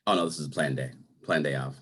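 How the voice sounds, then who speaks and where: A man's voice: rumbling low, fast, fairly bright tone, breathy edge. A man answering a practice call, laid-back with short, easy answers. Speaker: networking group member. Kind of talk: practice call role-play.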